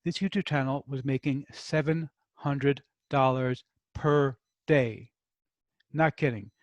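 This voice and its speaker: This time the New York review host talks at a slow pace with a medium pitch, chatting and cracking jokes with his viewers. His accent is neutral, and the lo-fi recording carries no room sound.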